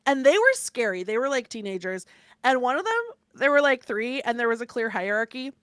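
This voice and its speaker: A woman's voice: on the high side, fairly quick, smooth, no echo. Chatty woman telling a story. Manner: chatty, animated storyteller with many fillers. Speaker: podcast co-host. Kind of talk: casual chat, storytelling.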